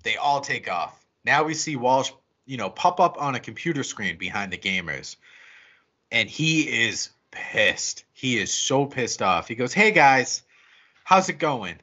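Guy on a podcast retelling a movie, bright voice, lots of cussing, muffled lo-fi audio. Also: medium pitch. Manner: profane, animated retelling with quick character voices. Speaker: podcast co-host. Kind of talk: casual movie recap.

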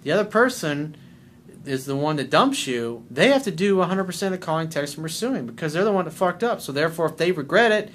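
A man's voice: fairly high pitch, animated, quick pace, a little hiss or hum. A man working as a dating coach, reading out a listener's email and commenting on it bluntly, with swearing, and acting out the quoted lines. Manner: blunt and profane; acts out quoted lines in a shifted voice.

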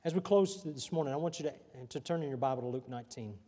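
A man preaching a sermon as pastor, pausing often, repeating rhetorical questions and letting his voice drop softly at the ends of lines. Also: medium pitch. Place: church sanctuary. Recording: church hall reverb.

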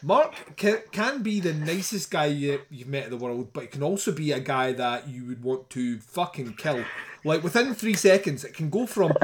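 A man in middle age tells a story on a podcast, swearing freely. His voice sits slightly high for a man. He talks in a loose, animated way and laughs between lines. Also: moderate pace, a little hiss or hum. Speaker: podcast host. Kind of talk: casual storytelling.

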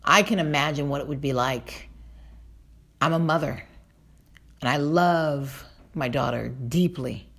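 A middle-aged woman preaching a heartfelt devotional sermon, emphatic and emotional, slowing down on key phrases. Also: deep voice, fairly bright tone, husky.

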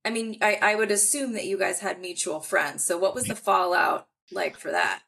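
A woman's voice: on the low side, steady tone, normal speed, vocal fry, a bit bright, poor audio. A woman hosting a podcast interview, asking questions and chiming in with supportive remarks. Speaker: podcast host. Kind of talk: casual interview.

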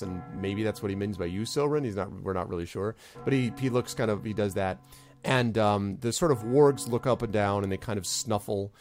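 A man's voice: fairly low pitch, a little mellow. A man narrating a tabletop game as game master, rambling with many fillers.

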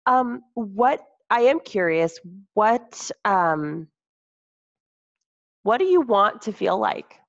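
A woman hosting a podcast, asking curious, gentle probing questions. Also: mid-range voice, sing-song, slow. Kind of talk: casual conversational podcast. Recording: slightly dull lo-fi sound.

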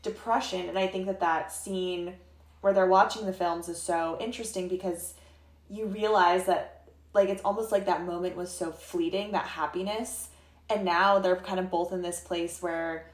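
A woman's voice: on the low side, steady tone, normal speed, reverberant. A young woman co-hosting a podcast, recapping a film in casual chat with wry, sarcastic asides. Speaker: podcast co-host.

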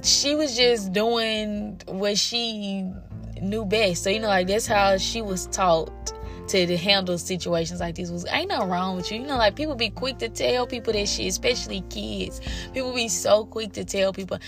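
Gravelly young woman telling candid stories. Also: mid-range voice, moderate pace, fairly bright tone, soft background music. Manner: frank and profane, acts out quoted family members. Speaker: parent sharing personal stories. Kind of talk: candid personal storytelling to viewers.

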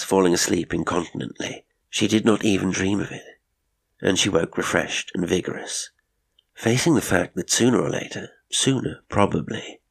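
A man narrating a ghost story in a measured, steady reading. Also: low voice, gravelly, slightly rough.

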